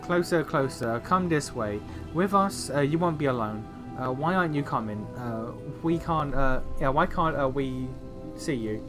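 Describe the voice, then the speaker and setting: A man voicing a chorus of confused, pleading ghostly voices from a game, in halting lines. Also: mid-range voice, lively intonation, music in the background, close to an everyday voice.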